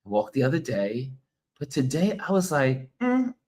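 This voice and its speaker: Middle-aged American male host, travel-weary, loose chatty delivery, laughs a lot, mid pitch. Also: sing-song, normal speed, darkish tone. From United States. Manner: chatty, laughs often, reads viewer comments aloud. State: tired from travel and little sleep. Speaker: livestream host. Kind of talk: casual livestream chat.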